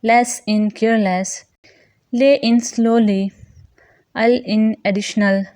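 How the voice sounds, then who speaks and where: Slow, measured woman reading grammar lessons. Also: fairly high pitch, steady tone, darkish tone, dry recording. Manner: measured, reads definitions and word lists. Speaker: grammar teacher.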